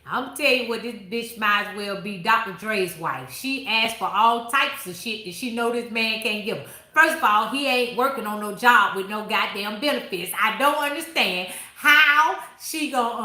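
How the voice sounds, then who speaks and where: A woman with a high, bright voice chats through her book club review, blunt and salty, cutting off to answer viewers as they come in. She sounds like she is in an echoey room. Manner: blunt, profane and animated, answering viewers mid-sentence. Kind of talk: casual book review chat.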